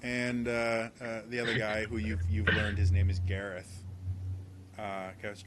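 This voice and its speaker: Male game master narrating a tabletop game: slow, easygoing. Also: on the low side, background noise. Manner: relaxed, rambling with fillers.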